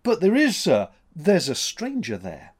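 A man's voice: on the high side, huge pitch swings, a little slow, slightly rough, exaggerated voice. A man voicing a frightened, insistent male ship's mate in a spoken story, sounding agitated and pleading. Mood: alarmed, pleading.

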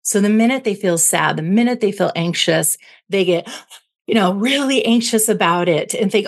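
A middle-aged woman with a slightly low voice talks as a guest psychologist. She explains ideas in a measured, patient way, in an interview setting. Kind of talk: podcast interview.

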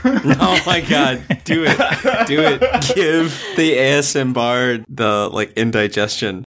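A man playing a tabletop game, giggly and excitable. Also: mid-range voice, slow. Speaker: player.

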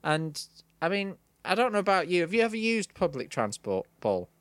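On this podcast, a middle-aged Mancunian co-host from Manchester, England, spins comic stories with sardonic wit and mocking impressions. He speaks at a moderate pace in a high-pitched, fairly bright voice full of big pitch swings, recorded without echo.

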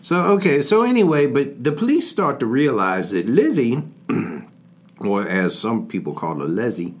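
A man's voice: medium pitch, a little slow. A man co-hosting a true-crime podcast, rambling through the story with jokes. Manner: rambling, jokey, lively storyteller. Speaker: podcast co-host.

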